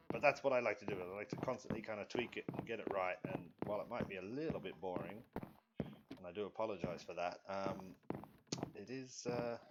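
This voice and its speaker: A man streaming live, chatting casually and rambling to himself as he builds in a video game, often apologizing. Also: fairly low pitch. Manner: rambling, self-talking, apologetic. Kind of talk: live gameplay commentary. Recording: dull lo-fi stream audio with loud noise.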